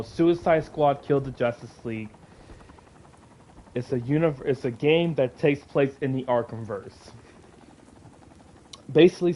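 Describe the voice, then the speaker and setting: A man's voice: mid-range voice, darkish tone, slight background noise. A man hosting his own gaming and comics channel, ranting angrily to camera, swearing, sighing often and dropping to mutters between outbursts. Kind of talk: angry profane rant to camera.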